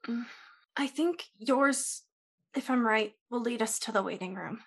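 A woman's voice: a little high, unhurried, gravelly, a bit bright, breathy edge. A woman playing a tabletop role-playing game, talking in a hesitant, rambling way with many fillers. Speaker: player. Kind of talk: in-character tabletop play.

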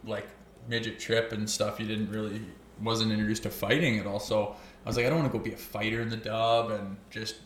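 Profane man, low voice, echoey room. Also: flat delivery, fairly quick, a little hiss or hum. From Canada (Olds, Alberta). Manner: loose and profane, swears constantly. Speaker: podcast guest, former hockey player. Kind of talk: casual storytelling chat.

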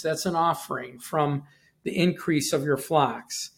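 Man, Bible teacher, devotional talk, conversational, restarts, fairly high voice. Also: fairly even intonation, measured pace, vocal fry.

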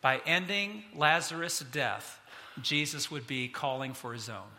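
Bright animated preacher in a hall. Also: male voice, measured pace. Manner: animated, voice rising high when excited. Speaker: pastor. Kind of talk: sermon.

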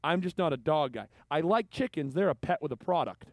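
A male pastor delivers a sermon in a high, very lively voice that swings widely in pitch. He tells his stories animatedly and acts out the voices of the people in them. The sound is dry and close. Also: fairly quick, dry recording. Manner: animated storytelling, acting out quoted voices.

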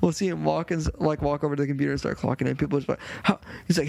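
A man's voice: a little high, racing, gravelly, a little mellow, dry recording. A young man co-hosting a casual podcast chat from a late-night road trip, telling rambling stories and laughing often. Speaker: podcast co-host.

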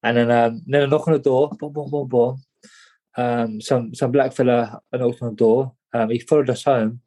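A man telling a personal story in an interview, halting and repeating words, often saying "mate". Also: mid-range voice, fairly even intonation, dark tone. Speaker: guest.

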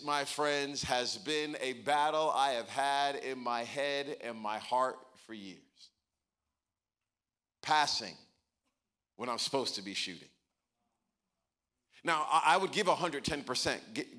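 A man pastor giving a sermon, telling stories and building to emphatic points. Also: fairly high pitch. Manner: storytelling, animated, building to emphatic preaching.

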